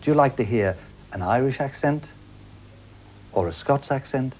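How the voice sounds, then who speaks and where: A man's voice: mid-range voice, animated, moderate pace, a little mellow, a little hiss or hum. A man hosting a studio game show with a jokey, teasing patter and a studio audience.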